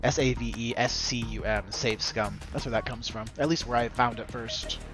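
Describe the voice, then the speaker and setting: A man gives rambling, joking commentary while playing a game on stream, speaking to his viewers directly. His voice sits at a middle pitch, with game music behind it. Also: steady tone, normal speed. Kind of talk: casual gameplay commentary.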